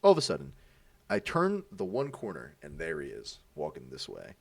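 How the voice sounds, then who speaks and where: A man's voice: extremely low pitch, normal speed, creaky, slightly rough, dry recording, far from the mic. A young man in his twenties, a podcast co-host, telling a casual story and acting out the voices in it, with plenty of swearing. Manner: animated, acts out voices in his stories, swears freely.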